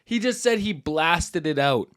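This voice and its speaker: A man's voice: fairly high pitch, animated, measured pace, fairly bright tone, no room sound, studio quality. A man co-hosting a podcast, chatting casually and swearing a lot as he reacts to videos. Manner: profane, laughing, loose banter. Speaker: podcast co-host.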